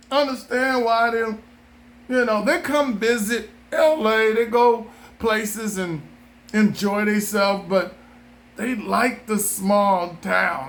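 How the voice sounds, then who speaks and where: High-voiced man rambling slowly, joking. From Southern California. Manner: animated, joking, repeats himself. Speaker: vlogger. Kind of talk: casual rambling monologue.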